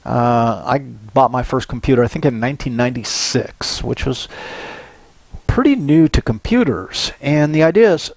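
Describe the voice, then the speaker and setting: An older man from Southern California giving a psychology lecture, telling animated personal stories and often checking in with "right?". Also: mid-range voice, moderate pace, gravelly, dry recording. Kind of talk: recorded university lecture.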